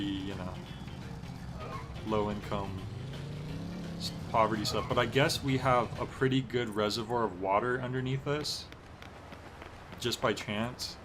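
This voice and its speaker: A man's voice: on the low side, noisy background. A man streaming a video game, chatting in an easygoing, rambling way with lots of fillers. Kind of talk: casual gameplay commentary. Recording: game music playing behind.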